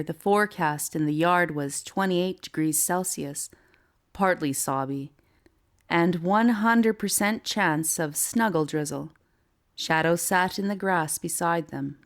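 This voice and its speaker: A woman narrating a whimsical storybook in a calm, measured way. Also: low voice.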